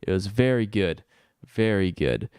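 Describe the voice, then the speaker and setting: A man streaming an unscripted rant about a video game, exasperated and swearing often, his voice climbing high whenever he gets heated. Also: sing-song, a little slow, darkish tone, smooth, no room sound, studio quality. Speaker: gaming streamer. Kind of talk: unscripted ranting stream commentary.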